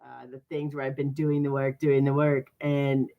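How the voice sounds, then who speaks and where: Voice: medium pitch, little pitch movement, normal speed, highs cut off. A spiritual card reader in a casual livestream reading. The speaker is chatty and upbeat and makes sarcastic, self-mocking asides.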